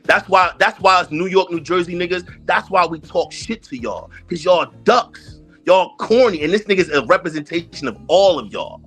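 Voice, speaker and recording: Husky middle-aged man trash-talking. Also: high-pitched, moderate pace, hardly any pauses, faint music behind. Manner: loud, repetitive insults, hammering the same phrase. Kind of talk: heated trash-talk argument on a live stream.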